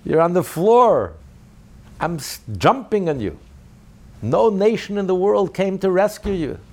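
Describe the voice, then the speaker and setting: A man's voice: sits high, expressive, measured pace, voice pushed up, exaggerated voice. A man acting out a cruel male Nazi soldier who mocks and taunts a Jew he is beating. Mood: mocking. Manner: taunting, scornful, shouting rhetorical questions.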